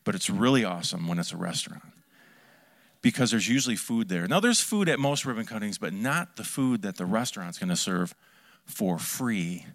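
A man preaching a sermon as pastor, lively and joking, with asides to his congregation. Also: fairly low pitch, moderate pace.

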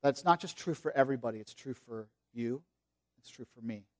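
A man preaching a sermon in a conversational way, often restarting his sentences and swinging between loud, stressed phrases and quiet, low ones. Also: brisk. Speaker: pastor.

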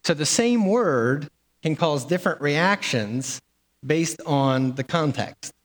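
Male pastor, relaxed sermon delivery with fillers and restarts, slightly high voice, recorded with long reverb in a large church. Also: takes it slowly. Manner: conversational, with fillers and repeated words.

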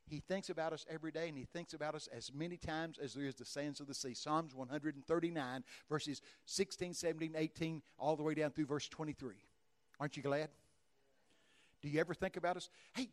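A man preaching a sermon, telling stories in a lively way, acting out the dialogue and breaking into shouts. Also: fairly high pitch, fairly quick. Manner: animated, acts out dialogue and shouts in bursts of excitement. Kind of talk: sermon storytelling.

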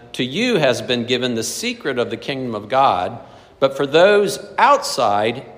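A male pastor delivers a sermon in a church sanctuary, his voice trailing off in a long hall reverb. His pitch sits in the middle for a man. He moves between measured scripture reading and relaxed, chatty explanation. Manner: reads scripture aloud, then explains it conversationally.

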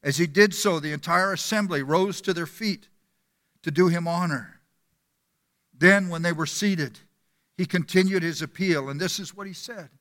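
A man preaches a sermon with earnest storytelling. His voice is high and bright. The church hall gives it a long reverb. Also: normal speed. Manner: earnest storytelling, repeating words.

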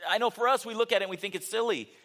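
Older male pastor, high voice, earnest conversational sermon, softens for emphasis. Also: rapid-fire.

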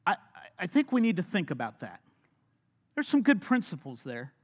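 Man, preacher, sermon, high voice, loud-to-whisper dynamics, long hall reverb. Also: huge pitch swings, normal speed. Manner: dynamic, swings from loud emphasis to hushed near-whispers. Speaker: pastor.

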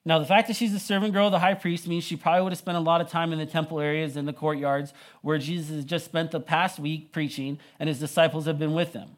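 A man's voice: on the high side, flat delivery, fast, few pauses. A young man preaching a sermon, retelling the story in a casual, conversational way full of "like" and "you know". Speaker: pastor.

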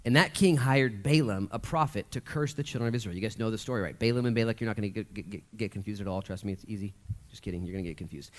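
Man, pastor, casual sermon, lively storytelling. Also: fairly low pitch, fast talker.

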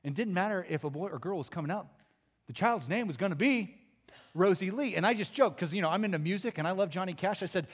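A man preaching as a pastor, telling a personal story in an animated way that swings between loud and hushed. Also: sits high, fast, breathy edge, big-room sound. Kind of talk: storytelling sermon.

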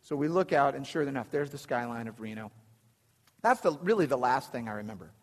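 A man telling a funny personal story to a live audience, animated and self-deprecating, with lots of restarts. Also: medium pitch, a little fast, long reverb tail.

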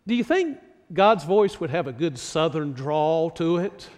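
A male pastor from North Carolina delivers a sermon at an unhurried, measured pace. His voice sits high for a man, and he leans on rhetorical questions to draw the listener in. A long reverb trails each phrase, as in a large hall. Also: animated, a little mellow. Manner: slow, deliberate preaching with many rhetorical questions.

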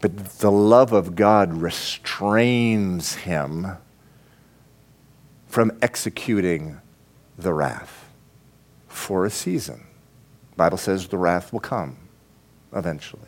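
A man's voice: sits low, slow, long pauses. A pastor preaching a sermon in a church, talking straight to his congregation and building to fervent, repeated emphasis. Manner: preaching with rising, impassioned emphasis and repetition; addresses the congregation directly.

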